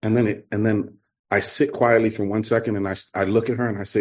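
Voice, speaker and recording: A middle-aged man from New York with a New York accent, telling his recovery story to a meeting in an earnest, halting way. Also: lowish voice, level tone, a little mellow. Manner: earnest, halting, repeats himself. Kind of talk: personal testimony talk.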